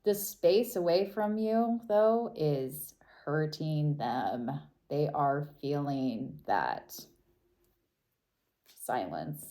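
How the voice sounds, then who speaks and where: Speaking to her viewers, a woman who reads tarot goes through a spread in a gentle, reflective way, though she's also animated. Her voice is low and mellow, unhurried and casual, with trailing thoughts and fresh starts.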